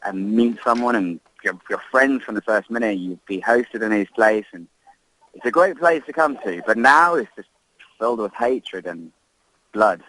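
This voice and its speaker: A man, an expat giving an impassioned interview update, halting and repeating himself as he speaks. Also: on the low side, expressive, pushed and bright, rough recording. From Libya. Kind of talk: emotional interview.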